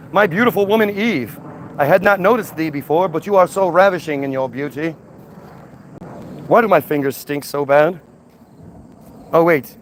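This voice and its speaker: A man's voice: a little high, a little hiss or hum, close to an everyday voice. A man doing a dim, crude first man. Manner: mock-formal then crude.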